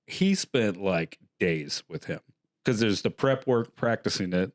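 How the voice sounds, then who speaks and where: A man's voice: fairly low pitch, lively intonation, measured pace, dry recording, studio quality. A man hosting a horror film podcast, chatting casually and loosely with lots of fillers and laughs. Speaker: podcast host. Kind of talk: casual chat.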